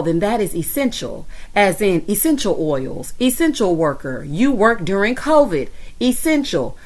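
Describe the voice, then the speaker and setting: A woman with a Southern American accent giving sassy, animated commentary on a reality TV episode, talking straight to the viewer. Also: medium pitch, normal speed, few pauses. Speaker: reality TV recap vlogger. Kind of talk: casual commentary.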